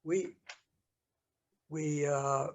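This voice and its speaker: An older American man telling a story from his past in an interview, halting with many fillers and restarts. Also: a little high, steady tone. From United States. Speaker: interview guest. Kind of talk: storytelling recollection.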